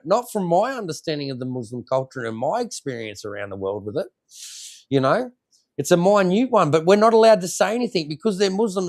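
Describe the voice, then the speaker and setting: A man with an Australian accent and a high, darkish voice, a military veteran appearing as a guest, rants angrily. He's heated, swears constantly and repeats himself throughout his profane tirade.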